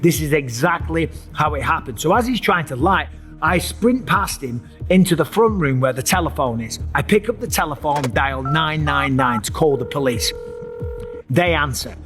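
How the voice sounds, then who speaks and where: Middle-aged host, vivid storyteller, slightly high voice, acts out the scary parts. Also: male voice, moderate pace, soft background music. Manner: animated, acts out his own screams and voices. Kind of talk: dramatic personal storytelling.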